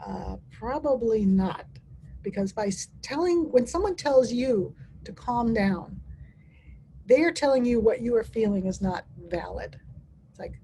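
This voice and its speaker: Woman giving a care training webinar, kinda high voice but mellow, lots of restarts, slight hiss behind. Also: expressive, a little slow, poor audio. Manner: role-plays the person with dementia in first person, with many restarts. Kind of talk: webinar presentation.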